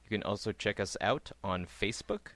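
A man co-hosting a car podcast, speaking in a measured way. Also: on the low side, animated, a bit bright. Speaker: podcast co-host. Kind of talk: casual chat.

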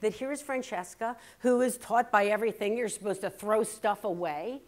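A woman in her fifties giving a keynote speech, telling family stories in a lively, chatty, self-deprecating way that turns earnest and reflective at times. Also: medium pitch, moderate pace. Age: 50s. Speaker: keynote speaker. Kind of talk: humorous storytelling speech. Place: stage at a writers' workshop, before a live audience.

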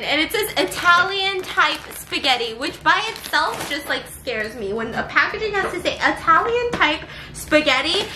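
Excitable high-voiced woman vlogger. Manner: excitable, exclamatory, swears casually. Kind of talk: casual vlog chat. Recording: echoey room with background noise.

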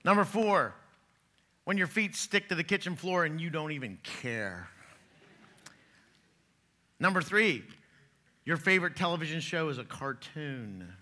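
A man's voice: a little high, sing-song, a little slow, long pauses, pushed and bright. A man preaching a sermon in a church, joking in a folksy way and chuckling at his own jokes. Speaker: pastor. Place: church sanctuary.

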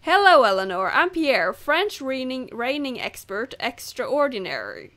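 A woman's voice: high-pitched, sing-song, measured pace, a bit bright, full character voice. A woman voicing a vain male French riding instructor in a game, reading his lines plainly without an accent and stumbling over words. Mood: fussy.

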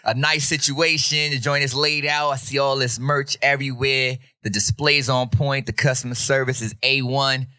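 A man's voice: mid-range voice, moderate pace, hardly any pauses, no room sound, clean studio sound. A man hosting a podcast, telling a casual, slangy story and acting out the other people's voices. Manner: animated, slangy, acts out quoted voices. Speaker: podcast host.

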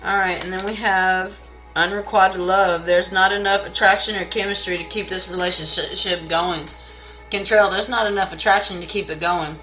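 A woman's voice: fairly even intonation, normal speed, sharp tone, faint music behind, low-quality recording. A woman doing a casual live tarot reading, blunt and profane, scolding viewers and pushing sales. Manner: pushy sales pitch.

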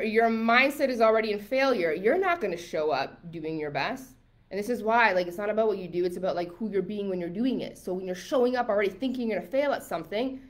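A woman giving a casual, animated motivational masterclass talk, full of "like" and "right?", sometimes acting out inner thoughts. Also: medium pitch. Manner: frequent fillers like "like" and "right?". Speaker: manifestation coach.

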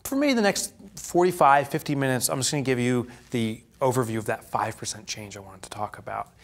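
A man's voice: mid-range voice, lively intonation, fairly quick. A man presenting a live business workshop in a studio before an audience, telling anecdotes animatedly and laughing at his own stories.

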